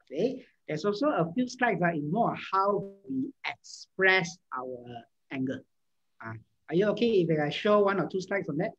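A man's voice: high-pitched, animated, normal speed, fairly bright tone. A man giving an informal lecture and answering questions, hesitating often with fillers and restarts. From Malaysia. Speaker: speaker answering audience questions. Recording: dull, lo-fi sound.

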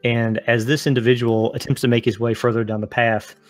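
A man narrating a tabletop game as game master, with dramatic descriptions and filler pauses. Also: medium pitch, little pitch movement, soft background music.

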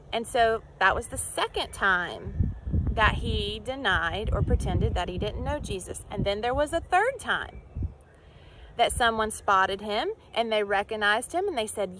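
A woman's voice: fairly high pitch, pushed and bright, slight background noise. A woman teaching children in church, telling a Bible story with acted-out voices and questions to the kids.

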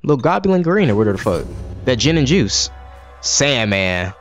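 A man's voice: mid-range voice, sing-song, normal speed, faint music behind. A man giving profane, exasperated running commentary while playing a video game. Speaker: gaming streamer. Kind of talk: live gameplay commentary.

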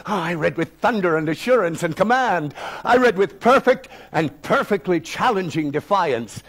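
A man in his sixties performs a story as an actor would on stage, sitting slightly high in pitch for a man. His telling is vivid and wry, with wide dramatic swings in pitch and loudness. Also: expressive, unhurried. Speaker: actor and lecturer.

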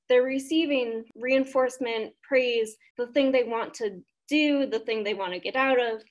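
Woman, fairly high voice, webinar lecture, explanatory, computer mic. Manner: explanatory, quizzes the audience. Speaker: behaviour therapy presenter.

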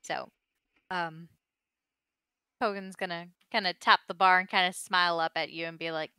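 A woman running a tabletop game as game master, narrating with many pauses and small laughs. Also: lowish voice, fairly even intonation, pushed and bright, smooth, no room sound.

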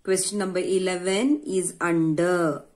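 A woman's voice: on the low side, steady tone, measured pace, a little mellow. A woman teacher with an Indian English accent, patiently walking young children through a grammar worksheet and asking herself questions as she explains.

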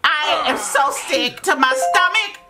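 A young woman giving sassy comic commentary over a pimple-popping game, squealing loudly in disgust. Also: sits high, animated, takes it slowly, over loud music. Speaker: gaming vlogger.

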